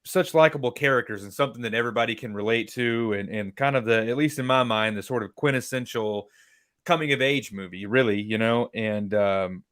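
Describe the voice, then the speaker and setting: A man co-hosting a casual movie-debate livestream, relaxed and thinking aloud, with casual swearing and fillers. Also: mid-range voice, fairly quick, dry recording, clean studio sound. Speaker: podcast co-host.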